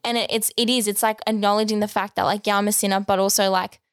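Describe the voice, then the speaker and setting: A young woman co-hosting a casual faith podcast, talking in a chatty, reflective way with plenty of fillers and restarts. Her voice sits at a middle pitch. The sound is dry and close, with no room around it. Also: flat delivery, quick pace, smooth, no room sound. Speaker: podcast co-host.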